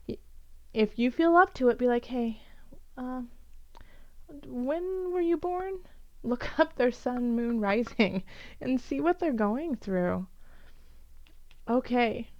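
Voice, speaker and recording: Woman tarot reader, fairly high voice, encouraging, dull muffled sound. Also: no echo. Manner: earnest, encouraging, many fillers and restarts. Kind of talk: tarot reading for the zodiac signs.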